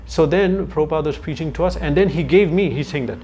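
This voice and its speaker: A man's voice: on the high side, fast, dark tone, slightly rough. A man giving a scripture lecture to a youth group in a chatty storytelling way, turning to his listeners with asides. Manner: searches for words mid-sentence. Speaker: spiritual lecturer.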